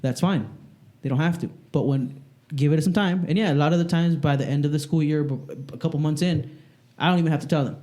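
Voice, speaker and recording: A man chatting casually on a podcast, telling animated, profanity-laced stories about greeting kids at the school where he works. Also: a little high, quick pace, few pauses. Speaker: podcast co-host; school staff working with kids. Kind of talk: casual chat.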